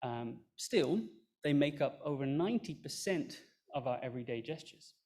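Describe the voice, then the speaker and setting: A man presenting research findings at a conference, explaining in a relaxed way with fillers and dry asides. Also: mid-range voice, normal speed. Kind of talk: recorded academic talk.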